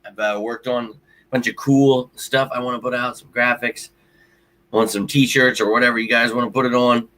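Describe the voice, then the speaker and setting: Frustrated, profane sports stream host. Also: male voice, on the low side, pushed and bright. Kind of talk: casual livestream chat.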